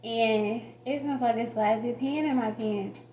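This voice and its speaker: Frank, foul-mouthed woman vlogger with a higher voice, telling a story in an echoey room. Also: normal speed, warm tone, a little hiss or hum. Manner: frank and profane, laughs often. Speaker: music artist telling a personal story. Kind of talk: casual storytelling to camera. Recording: roomy echo.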